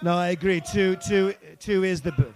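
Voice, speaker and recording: A man's voice: high voice, normal speed, crowd noise, noisy background. A man co-hosting a podcast, chatting casually and joking, slipping into silly voices and swearing. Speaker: podcast co-host. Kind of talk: casual comedic chat.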